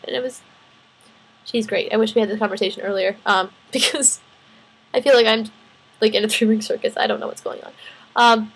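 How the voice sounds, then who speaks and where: A young woman in her twenties, a student teacher, talking through her week in a rambling, animated vlog, sounding tired. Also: fairly high pitch, vocal fry, breathy edge, rough recording. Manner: rambling, animated, restarts and laughs often. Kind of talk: casual personal vlog venting.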